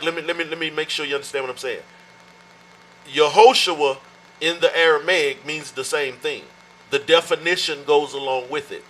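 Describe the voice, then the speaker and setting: Brief: male preacher, slightly high, bright and forceful, teaching sermon with slow emphatic stretches. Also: low-quality recording.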